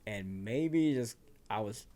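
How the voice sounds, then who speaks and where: Casual male guest from Virginia, slight Southern twang, relaxed storyteller who acts out quotes. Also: lowish voice, slow pace. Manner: laid-back, drops into quoted asides, laughs often. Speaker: guest firefighter.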